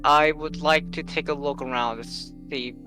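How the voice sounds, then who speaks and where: A man playing in a tabletop game, sounding hesitant and halting as he restarts his words. His voice is bright and forceful, with soft guitar music in the background. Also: on the high side, steady tone. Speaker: player. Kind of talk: casual tabletop game chat.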